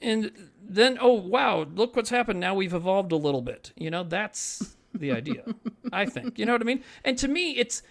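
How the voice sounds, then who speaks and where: A man's voice: high voice, expressive, normal speed, creaky. A man co-hosting a podcast in casual chat, earnest and profane, rambling with lots of fillers. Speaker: podcast co-host.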